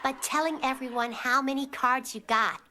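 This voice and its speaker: A woman's voice: high voice, fairly even intonation, normal speed, background noise, natural voice. A woman voicing a chatty, cheeky young cartoon girl who giggles through her stories. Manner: giggly, bouncy storytelling. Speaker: narrator character. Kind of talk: cartoon monologue to the audience.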